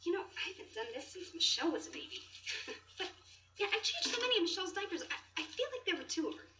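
A wisecracking young sitcom babysitter. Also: female voice, very high-pitched, big pitch swings, fast talker, bright, forceful tone, heavily acted. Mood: joking. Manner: wisecracking, flustered cover-ups. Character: breezy young woman babysitting, joking. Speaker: sitcom character changing a baby's diaper. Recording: muffled, distant sitcom clip audio.

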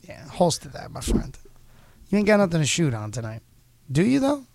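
Man, radio host, casual banter, jokey, very expressive pitch, slightly high voice. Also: fairly quick, no echo. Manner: animated, jokey, slips into exaggerated voices. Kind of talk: casual chat. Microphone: headset.

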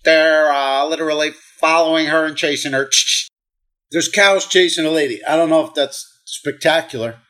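A man's voice: fairly high pitch, fairly bright tone. Sarcastic man hosting a comedy countdown. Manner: sarcastic, mocking, profane asides. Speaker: host of a comedy countdown show. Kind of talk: comedic news commentary.

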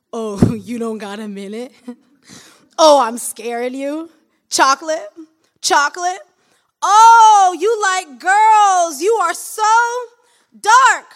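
A woman performing a brash male street catcaller in a spoken-word poem, loud and coaxing, calling out in a sing-song voice. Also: high-pitched, voice pushed up.

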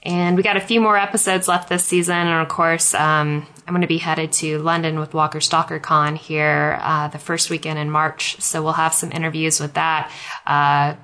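A woman's voice: sits low, little pitch movement, normal speed, pushed and bright, rough recording. A woman hosting a podcast, chatting casually and rambling with many fillers. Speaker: podcast host. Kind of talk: casual chat.

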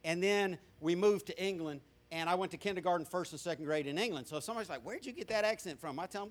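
Folksy Southern preacher, bright and high. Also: male voice, quick pace, hardly any pauses. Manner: folksy storytelling with repeated restarts. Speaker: pastor. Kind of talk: sermon testimony. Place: church sanctuary with congregation.

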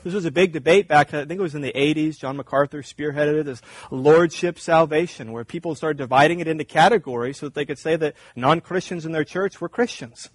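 A man's voice: fairly high pitch, a little fast, hardly any pauses, breathy edge, no room sound. A man preaching a sermon in a conversational, emphatic way, acting out little dialogues. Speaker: pastor.

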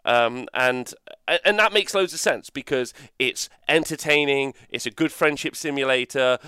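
A man's voice: medium pitch, normal speed, sharp tone, smooth, no room sound. A man hosting a podcast, chatting casually, who rambles, swears and keeps tagging his points with "right?" and "like". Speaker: podcast host. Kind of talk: casual chat.

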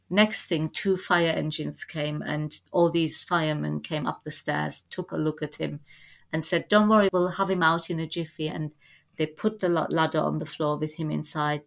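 Woman, middle-aged, low voice, vocal fry, lively anecdotal podcast guest. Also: normal speed. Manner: lively anecdotal storytelling with laughs. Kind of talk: storytelling in a podcast interview.

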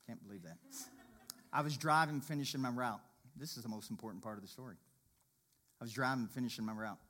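A man telling a personal faith testimony in a sermon, shifting between quiet murmurs and loud, excited exclaiming. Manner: animated storyteller, swings from low murmurs to loud exclaiming.

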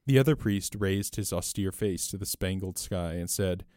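A man narrating a story aloud in a measured, clear audiobook delivery. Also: low-pitched, a little mellow, no room sound, clean studio sound.

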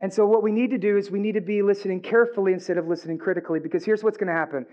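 A male pastor delivers a lively, joking sermon full of asides to the congregation. His voice sits very high for a man. The recording sounds dull and a little muffled. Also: rapid-fire. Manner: animated, jokey preaching with asides to the congregation.

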